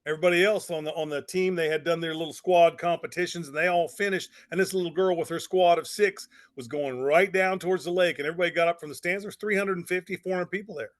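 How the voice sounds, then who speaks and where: A man's voice: a little high, steady tone, fast talker, hardly any pauses. A middle-aged man telling a motivational story in a folksy, emphatic way, with lots of repetition. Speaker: speaker on network marketing.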